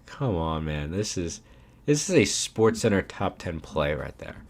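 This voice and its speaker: A young man giving casual, animated commentary over his own video game footage, ranting and saying "man" often. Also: sits low, a little slow. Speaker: gaming YouTuber.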